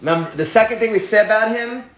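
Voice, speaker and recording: Excitable rabbi guy lecturing, high voice, echoey dull classroom sound. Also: fast talker. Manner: excitable, self-interrupting, stumbles over restarts. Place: classroom with a whiteboard.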